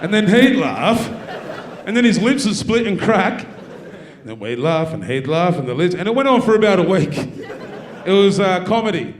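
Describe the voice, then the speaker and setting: A man with an Australian accent doing a stand-up comedy set, telling dark stories in a profane, deadpan way. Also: high-pitched, moderate pace, slight background noise. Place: university theatre with live audience.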